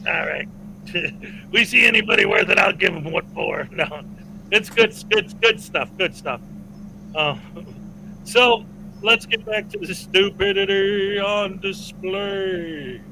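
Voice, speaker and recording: A man's voice: high voice, slow, sharp tone, slight background noise, rough recording. A man hosting a casual livestream, chatting loosely and laughing often as he shows off prizes. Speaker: host.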